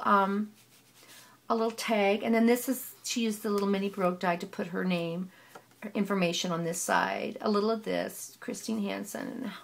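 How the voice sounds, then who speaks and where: A woman's voice: fairly high pitch, vocal fry. A woman gushing in a casual show-and-tell of handmade scrapbook pages, piling on praise and repeating words of delight. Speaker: scrapbooking vlogger.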